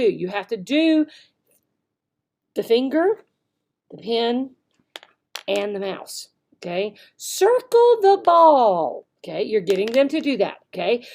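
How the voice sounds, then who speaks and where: A woman's voice: high-pitched, dark tone. A woman giving an instructional video lesson for online English teachers, checking in with "okay?" often and demonstrating words in varied voices.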